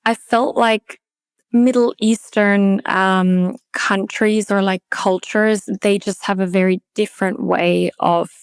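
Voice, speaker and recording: Austrian woman guest, German native, reflective casual talk, smooth voice, dry sound. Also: medium pitch, fairly even intonation, slow pace, no room sound. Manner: reflective, talks in long hedged sentences with many "um" and "like". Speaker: podcast guest, linguist. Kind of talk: casual interview chat.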